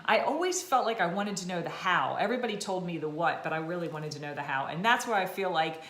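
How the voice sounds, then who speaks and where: Chatty, slightly hoarse woman in an echoey room. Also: lowish voice, expressive, fast, a bit bright. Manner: chatty, self-deprecating, laughs often. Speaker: fitness vlogger. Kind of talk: casual chat to camera.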